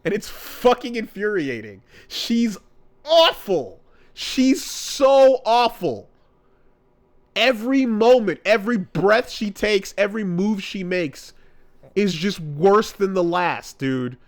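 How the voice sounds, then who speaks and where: A man's voice: high voice, expressive, a little slow. A man co-hosting a casual podcast, retelling a story with acted-out character voices and lots of swearing. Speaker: podcast co-host.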